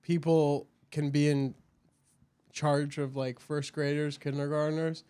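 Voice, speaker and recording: A young man chatting on a podcast. He speaks in an easygoing way, with a voice set a little higher than most men's. It is recorded close and dry, with no room sound. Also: flat delivery, takes it slowly, dark tone, clear, resonant tone, no room sound. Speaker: podcast co-host. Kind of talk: casual chat.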